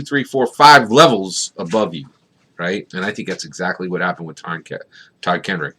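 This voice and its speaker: A man's voice: mid-range voice, bright, forceful tone. A middle-aged man from Philadelphia giving casual vlog commentary, rambling and often tagging his points with "right?". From Philadelphia, USA. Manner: rambling, keeps asking "right?", many fillers. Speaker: tabletop gaming YouTuber.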